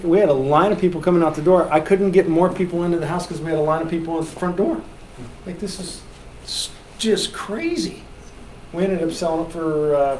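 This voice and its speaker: Guy with a high voice teaching a class, jokes around, acts out what people say, quiet hum behind. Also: low-quality recording. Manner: animated, joking, acts out quoted lines. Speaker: real estate instructor. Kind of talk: classroom teaching with audience questions.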